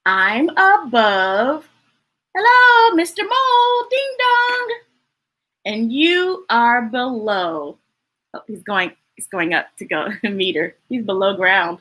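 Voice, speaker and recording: Animated bright-voiced woman reading to kids. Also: mid-range voice, takes it slowly. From United States. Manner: animated, laughing often, chatty asides to young listeners. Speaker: children's storytime reader. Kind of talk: reading picture books aloud to children.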